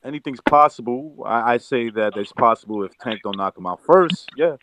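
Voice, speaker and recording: A man co-hosting, joking and telling quick jokes in casual banter. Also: mid-range voice, expressive, fairly bright tone, no echo.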